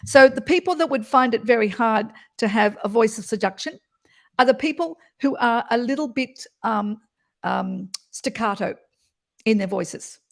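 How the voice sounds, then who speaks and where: A woman's voice: a little high, expressive, normal speed, gravelly. A woman voice coach explaining voice qualities in an interview, talking expressively and demonstrating as she goes.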